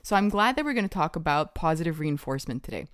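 A woman's voice: deep voice, sing-song, quick pace, no echo, clean studio sound. A woman hosting a podcast as a parent, asking questions and thinking aloud in a casual chat.

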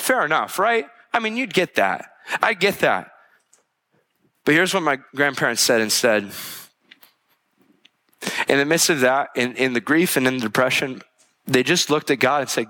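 A man preaching a sermon in an earnest, conversational way, voicing heartfelt prayers and dropping to a hushed tone for them. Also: mid-range voice, lively intonation, moderate pace, long pauses. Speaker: pastor.

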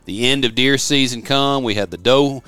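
A middle-aged West Tennessee man hosts a casual podcast from a studio office, telling stories in a rambling, folksy way. His voice is medium-pitched, bright and forceful, at a moderate pace with no echo.

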